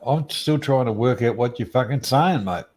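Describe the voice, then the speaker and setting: A man's voice: medium pitch, moderate pace, darkish tone. A man chatting casually as a guest, making dry, teasing remarks. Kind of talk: casual chat.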